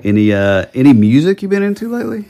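A man's voice: mid-range voice, very animated, fast talker, mellow. A man co-hosting a podcast in casual chat, rambling along with lots of filler words. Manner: rambling, full of fillers and restarts. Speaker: podcast co-host.

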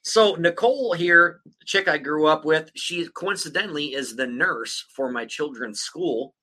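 A man's voice: on the high side, a little slow, sharp tone, low-quality recording. A man in his thirties hosting a podcast, rambling in casual chat with heavy swearing. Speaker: podcast host.

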